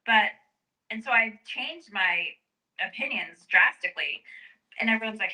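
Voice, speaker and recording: A woman's voice: mid-range voice, lively intonation, unhurried, pauses often, sharp tone, rough recording. A woman in a casual discussion, earnestly explaining why her views changed. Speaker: guest speaker in a discussion. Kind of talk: casual chat.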